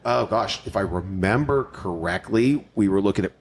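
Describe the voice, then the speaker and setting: A Southern Californian man, a wrestling promoter as guest, speaking in a halting way with frequent restarts. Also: on the low side, a little hiss or hum. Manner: halting, restarts, expressive reactions. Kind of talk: casual interview chat.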